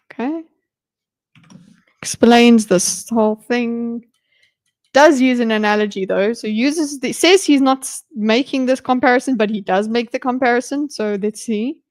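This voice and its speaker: A woman streamer with a slightly high voice chats casually while breaking down a debate. She reads lines aloud, mutters notes to herself and drops joking asides. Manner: chatty, muttering asides while reading along. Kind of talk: casual livestream commentary.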